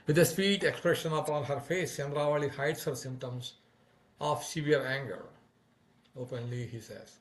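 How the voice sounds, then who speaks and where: A man reading a devotional drama aloud, speaking the stage directions quietly and evenly. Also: mid-range voice, normal speed. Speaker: reader.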